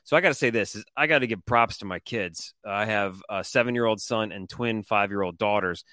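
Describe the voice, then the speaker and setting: A man telling a story on a podcast in a casual, animated, profane and rambling way. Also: on the low side, a little fast, no room sound, clean studio sound. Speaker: co-host.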